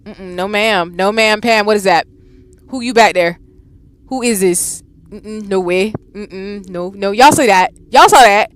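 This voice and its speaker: A woman hosting a gaming channel, reacting loudly to a visual novel and repeating words in rapid bursts. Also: medium pitch, clear, resonant tone, no room sound. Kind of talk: reacting aloud while playing a visual novel.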